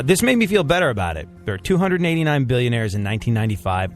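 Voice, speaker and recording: Male podcast host, rambling riffs, mid pitch, faint music bed. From United States. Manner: rambling, excitable, many restarts. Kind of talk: comedic news chat.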